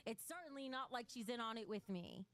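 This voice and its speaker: Her voice is a little high and a bit bright, with lively intonation and a slightly fast pace. As host of a livestream, she addresses her chat bluntly and emotionally, curses freely and reads their donations aloud.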